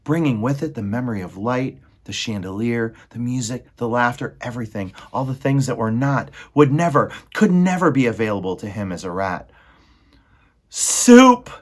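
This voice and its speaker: A man's voice: mid-range voice, lively intonation, fairly quick, hardly any pauses. A man reading a children's novel aloud with expression and speaking directly to his viewers. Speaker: storybook reader.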